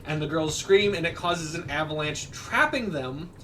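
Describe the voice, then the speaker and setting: A man's voice: fairly high pitch, normal speed, bright, forceful tone, far from the mic, slight background noise. Rambling man recapping a movie. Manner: rambling, filler-heavy retelling with quoted voices. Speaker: podcast co-host. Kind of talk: casual movie recap while gaming.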